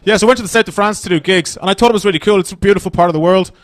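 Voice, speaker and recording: With a high-pitched, rapid-fire delivery and no room sound, a thirtysomething comedian from Ireland performs stand-up at a club. His storytelling is chatty, animated, and full of swearing.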